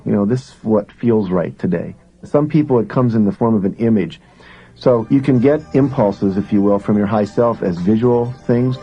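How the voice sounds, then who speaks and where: Here a man with a warm, lowish voice gives a motivational seminar live to a full room, talking casually and posing questions to the audience. The recording is muffled.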